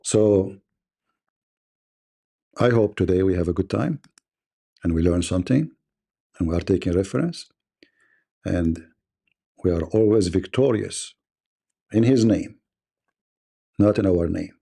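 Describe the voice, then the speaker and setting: A man's voice: low-pitched, unhurried, gravelly, pauses often, warm tone, slightly rough. A man hosting a livestream debate, delivering a mocking, combative monologue.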